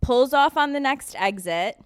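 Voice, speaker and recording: Deadpan woman in her thirties. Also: high-pitched, measured pace, clean tone, no room sound. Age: 30s. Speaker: podcast co-host. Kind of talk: casual chat.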